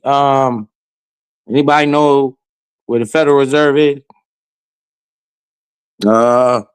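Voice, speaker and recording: Animated, heckling man with dry sound. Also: medium pitch, no room sound. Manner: animated, heckling, swears and laughs often. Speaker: finance streamer. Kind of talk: casual commentary over a played clip.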